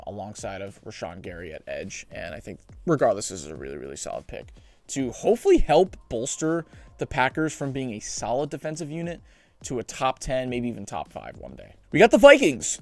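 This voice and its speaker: A young man hosting a sports show, giving chatty, animated mock draft commentary with joking asides. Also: mid-range voice, no room sound.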